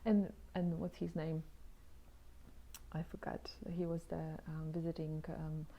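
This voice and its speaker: A woman casually telling her own story to camera at home. She talks chattily, with restarts and frequent exclamations, and often drops into soft, half-whispered asides. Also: low voice, level tone, a little slow, lo-fi sound.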